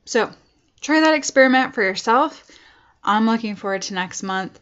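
A woman's voice: on the high side, lively intonation, moderate pace, fairly bright tone, dull audio. A woman life coach giving a casual motivational talk to her viewers, earnest and chatty with tough-love asides.

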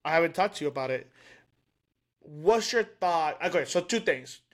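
A man co-hosting a podcast in casual chat, halting and searching for his words as he talks. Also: fairly high pitch, animated. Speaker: podcast co-host.

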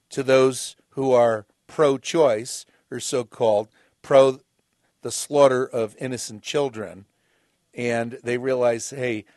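A man's voice: mid-range voice, no echo, clean studio sound. A man hosting a radio show, delivering emphatic, sarcastic political and moral commentary like a sermon. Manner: emphatic, sarcastic, mimics opponents in quotes.

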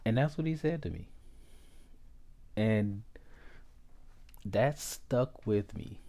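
A man in his forties from Ohio, hosting a podcast and telling a personal story, unhurried and halting, with frequent restarts. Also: lowish voice, mellow. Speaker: podcast host.

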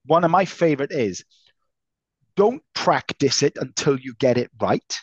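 A man co-hosting a casual martial arts podcast, an animated storyteller who swears freely and acts out voices. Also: mid-range voice, a little slow, breathy edge, dry recording, dull audio. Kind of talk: casual chat.

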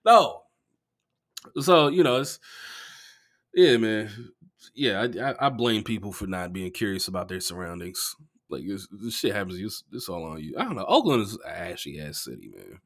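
A man, a comedian, chatting casually on a podcast and telling profane, animated stories that jump into loud outbursts. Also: deep voice, normal speed.

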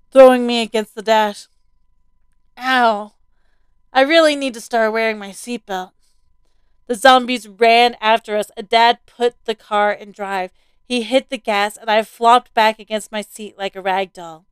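Smooth-voiced woman narrating a horror tale. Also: a little high, unhurried, no room sound. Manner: steady, vivid storytelling. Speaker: story narrator. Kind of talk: scripted first-person horror narration.

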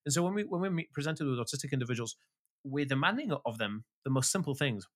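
A man talking as a podcast guest, animated and emphatic, swearing freely. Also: mid-range voice, fast talker. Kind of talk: casual interview talk.

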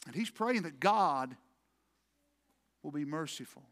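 A male pastor preaching a sermon emphatically, swinging between loud, forceful lines and hushed ones. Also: a little high, animated, a little slow, long pauses. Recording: long hall reverb.

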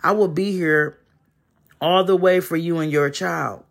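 A man voicing a smooth-talking male lover who is quick to anger, speaking raised and emphatic. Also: fairly high pitch, steady tone, fairly bright tone, full character voice. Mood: earnest.

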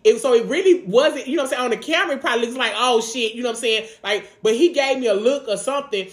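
Fast-talking animated woman telling stories. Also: fairly high pitch, reverberant. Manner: animated, laughs often, says "you know what I'm saying" a lot. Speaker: podcast co-host. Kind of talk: casual storytelling chat.

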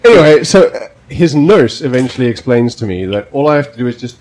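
A young man co-hosting a podcast, telling a story in a casual, animated and profane way. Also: mid-range voice, brisk, poor audio. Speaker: podcast co-host.

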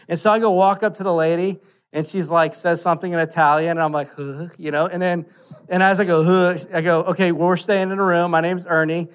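A man, preaching a casual, animated story-driven sermon full of "like" fillers. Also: a little high. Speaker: pastor.

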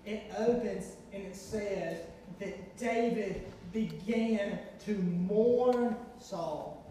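A man preaching a sermon, telling a story in an animated, fast, breathless way. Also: high voice, a little hiss or hum. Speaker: pastor. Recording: echoey hall, far from mic.

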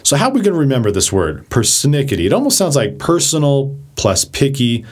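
Lively, chatty man teaching a word. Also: mid-range voice, a little fast. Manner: animated, chatty, acts out examples. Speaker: vocabulary teacher. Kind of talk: casual vocabulary lesson.

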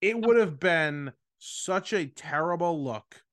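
Laid-back podcast co-host guy, bit high voice, dry sound. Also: expressive, takes it slowly, no room sound. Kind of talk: casual sports talk.

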